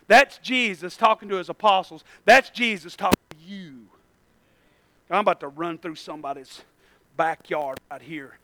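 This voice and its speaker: High bright-voiced preacher. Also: male voice, animated, a little slow, no room sound. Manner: swings from shouting to hushed storytelling. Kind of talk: sermon.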